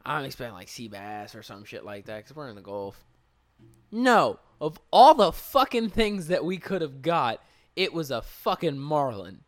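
A man's voice: mid-range voice, sing-song, moderate pace, no echo. A man co-hosting a podcast, bantering bluntly and telling a story in casual chat. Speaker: podcast co-host.

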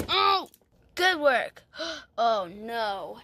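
A woman's voice: sits high, sing-song, drawn-out words, vocal fry, pushed and bright, slight background noise. A woman acting out a homemade toy story, playful and full of exclamations and silly character voices.

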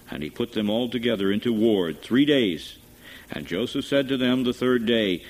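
A man reading scripture aloud in a steady, measured way. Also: mid-range voice, low-quality recording. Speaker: scripture reader.

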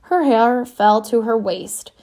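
A woman narrates a first-person audiobook with a wry, wistful touch. Her voice sits somewhat high and her reading flows steadily. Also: slow pace, dark tone.

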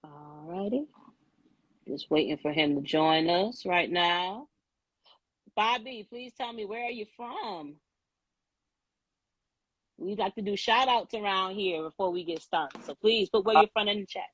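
Husky, outspoken woman hosting a live podcast. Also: mid-range voice, measured pace, pauses often, a bit bright, dry recording, low-quality recording. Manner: outspoken, chatty, laughs often. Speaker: podcast host.

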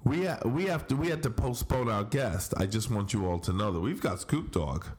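A man's voice: on the low side, lively intonation, moderate pace, darkish tone. A middle-aged man hosting a podcast in casual chat, grumbling in mock aggravation. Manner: grumbling, mock-aggravated, sing-song greetings. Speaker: podcast host. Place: home studio in Barcelona.

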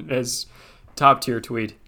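A man's voice: mid-range voice, slow, pushed and bright. A man co-hosting a podcast over a video call, joking in casual chat and laughing at himself. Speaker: podcast co-host.

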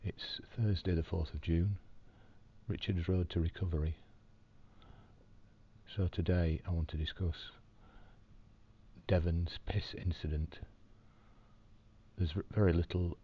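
A man recording a personal video diary from his hospital room, telling a story calmly with dry, wry humour. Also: deep voice, a little slow, pauses often, slightly rough, lo-fi sound. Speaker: video diarist in hospital recovery.

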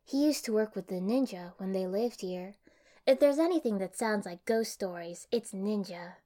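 A woman voicing a friendly, gossipy older village woman in a bright, chatty, animated way, as an audiobook character. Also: medium pitch, normal speed, lightly acted. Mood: musing.

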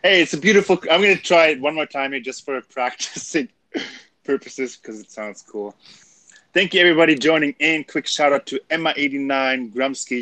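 Man, stream host, relaxed chatter, slightly high voice, dead-dry sound. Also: moderate pace, no echo. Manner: relaxed, chuckling, reads out messages. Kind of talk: casual live-stream chat.

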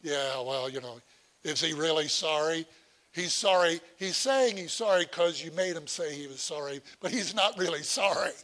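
A man's voice: on the high side, normal speed, a bit bright. A middle-aged man preaching a sermon as pastor, folksy and conversational, with asides to the congregation.

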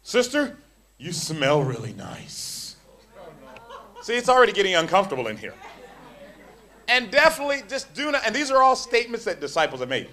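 A man preaching a sermon in a church, swinging from hushed tones to loud emphasis and stumbling over restarts when excited. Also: very high-pitched, fast talker.

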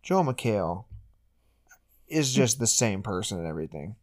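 A man's voice: on the low side, normal speed. A man hosting a podcast, chatting casually and joking around with puns. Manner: joking, punning, animated storyteller. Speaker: podcast host. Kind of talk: casual chat.

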